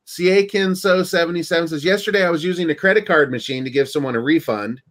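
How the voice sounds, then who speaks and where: An American man with a voice on the high side and a fairly bright tone hosts a casual livestream at a quick pace. He's playful and joking, reading viewer comments from the chat aloud.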